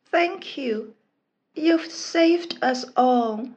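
A woman voicing a gentle young fairy princess in a storybook, soft, slow and a little higher. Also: lo-fi sound. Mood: grateful.

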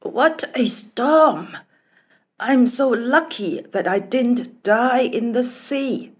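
A woman voicing a noisy, cheerful teenage prince in a storybook, high, loud and excited. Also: extremely slow, highs cut off.

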